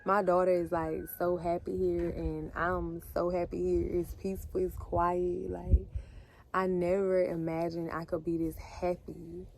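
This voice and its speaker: A woman vlogger telling a heartfelt personal story straight to her viewers, speaking earnestly and warmly addressing them as a group. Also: fairly low pitch, measured pace, gravelly. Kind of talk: emotional storytime monologue. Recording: steady background noise.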